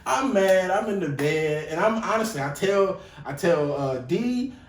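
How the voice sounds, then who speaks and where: A young man co-hosting a podcast, telling a story in casual chat, animated and profane, loudly acting out the quotes. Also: high-pitched, unhurried, distant mic. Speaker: podcast co-host. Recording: echoey room, voice off-mic, faint noise.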